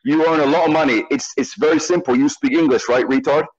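A man's voice: on the high side, fairly even intonation, fast talker, highs cut off. A man confronting a guest on a live stream, taunting him and repeating the same question over and over. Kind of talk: heated live stream argument.

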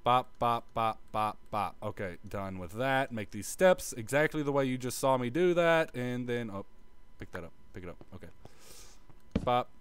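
A man's voice: mid-range voice, animated, normal speed, clean tone. A man giving a casual gameplay tutorial, muttering and swearing as he plays and humming little sound effects like "bop bop" under his breath. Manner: offhand, self-mocking tone. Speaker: gaming video creator.

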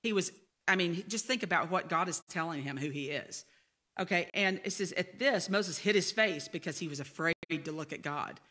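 A woman's voice: fairly low pitch, normal speed, sharp tone. A middle-aged woman pastor preaching a sermon, telling her own story in a candid, self-deprecating way. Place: church sanctuary.

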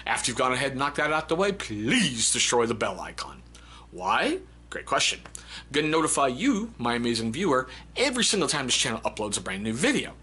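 A man's voice: medium pitch, big pitch swings, brisk, bright, forceful tone, breathy edge. A man hosting a casual book review video, reading funny excerpts aloud and laughing often. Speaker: book review channel host.

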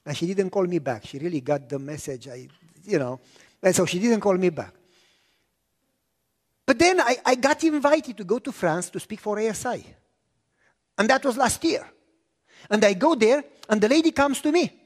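A man preaching a sermon, telling stories and acting out the dialogue, clearing his throat often. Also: high voice, animated, moderate pace, pauses often. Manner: anecdotal, acts out dialogue, frequent throat clearing. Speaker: pastor. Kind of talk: storytelling sermon. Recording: long reverb of a large hall.

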